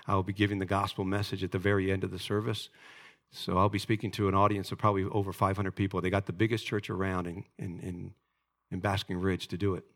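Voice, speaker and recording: A man's voice: sits low, little pitch movement, quick pace, fairly bright tone. A pastor giving an earnest, emotional sermon and speaking directly to his congregation.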